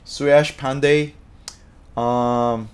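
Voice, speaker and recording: A man chatting casually on a live stream, reading out viewer comments in an excitable, talkative way. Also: mid-range voice, drawn-out words.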